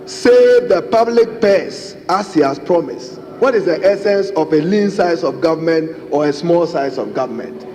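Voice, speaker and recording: A member of parliament with a Ghanaian English accent gives a formal speech, repeatedly addressing the Speaker in the chamber. His voice is a little high and mellow, at normal speed with few pauses, recorded in a reverberant chamber with faint noise.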